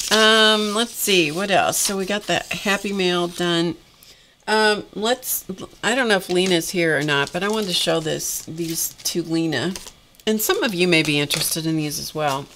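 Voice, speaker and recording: A woman's voice: lowish voice, moderate pace, background noise. A middle-aged woman chatting casually on a craft live stream, exclaiming over gifts and talking to her viewers, her voice a little tired and coughing now and then. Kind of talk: casual live-stream chat, opening happy mail.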